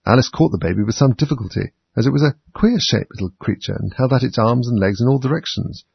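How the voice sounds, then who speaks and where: A man reading a storybook aloud as narrator in a steady, measured way. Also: mid-range voice, creaky, breathy edge, no echo, highs cut off. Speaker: audiobook narrator.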